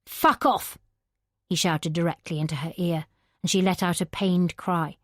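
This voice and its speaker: Female narrator, lowish voice, measured thriller reading, dry booth sound. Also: level tone, no room sound. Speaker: audiobook narrator. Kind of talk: scripted narration.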